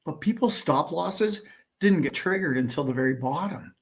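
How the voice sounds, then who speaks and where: Ranting with emphasis on his casual livestream, the host throws out one rhetorical question after another. His voice is a little high, expressive, and breathy-edged, at a normal speed.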